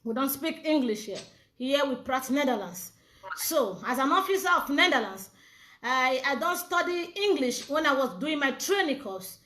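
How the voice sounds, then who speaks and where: Halting high-voiced woman interviewer. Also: animated, a bit bright, roomy sound. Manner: halting, repeats questions. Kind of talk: live online interview.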